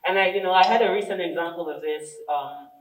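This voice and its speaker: A woman presenting a training workshop, a lively storyteller who acts out dialogue and asks her audience questions. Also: on the low side, fast. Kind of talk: interactive training workshop talk. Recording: echoey room, far from the mic.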